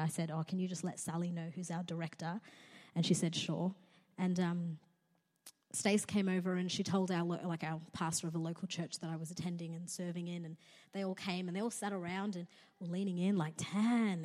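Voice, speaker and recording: A woman's voice: medium pitch, darkish tone. A young woman giving a sermon in a church hall, telling a personal story in a casual, conversational way with touches of humor. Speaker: guest speaker. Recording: long reverb of a large hall.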